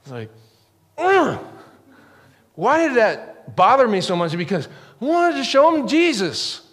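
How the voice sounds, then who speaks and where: Middle-aged guy preaching, tells stories all animated, kinda high voice, long hall echo. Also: normal speed. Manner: animated, acts out quotes with sudden high yells. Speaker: pastor. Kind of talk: sermon storytelling.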